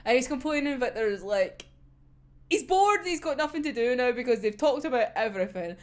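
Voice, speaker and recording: A woman, hosting a casual episode discussion, animated, laughing often and swearing freely. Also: on the high side, fairly quick. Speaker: anime reaction host.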